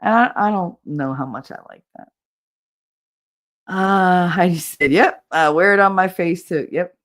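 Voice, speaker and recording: A woman hosts a loose, laugh-filled livestream chat. Her speaking voice sits a little low. She tells animated stories and acts out what other people said. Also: measured pace. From Hoboken, New Jersey. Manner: animated storyteller, laughs often, acts out quotes. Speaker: livestream podcast host. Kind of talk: casual chat reading viewer comments.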